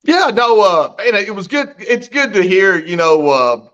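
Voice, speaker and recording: A man's voice: high voice, expressive, unhurried, a bit bright, dull audio. A man co-hosting a podcast, rambling in a folksy way with mild swearing. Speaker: podcast co-host. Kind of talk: casual podcast chat.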